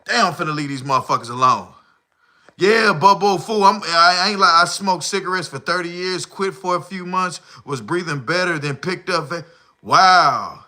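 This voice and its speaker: A man's voice: high voice, moderate pace, bright, forceful tone. A middle-aged man hosting a live stream, chatting casually and reading comments in rambling slang, often short of breath.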